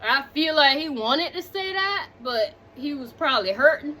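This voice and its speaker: A woman recapping a movie in casual chat, animated and talking straight to her viewers, drifting off on tangents. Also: sits high, moderate pace. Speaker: movie reviewer.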